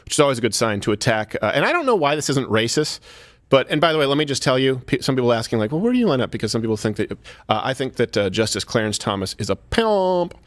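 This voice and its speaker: A man's voice: medium pitch, big pitch swings, quick pace, no echo, studio quality. A man hosting a political comedy talk show, sarcastic and brash, laughing at his own jokes. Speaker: show host.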